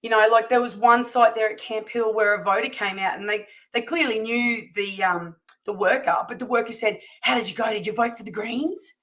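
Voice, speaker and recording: A woman's voice: fairly high pitch, a little fast, hardly any pauses, fairly bright tone, rough recording. A woman on a talk panel, telling a story in casual chat and acting out the people she quotes. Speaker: campaign volunteer and panel guest.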